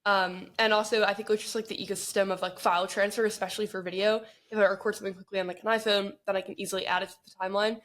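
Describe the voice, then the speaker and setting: A woman's voice: medium pitch, level tone, rapid-fire, few pauses, a bit bright. A woman, a guest on a casual podcast, talking in an upbeat, enthusiastic way. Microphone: video call.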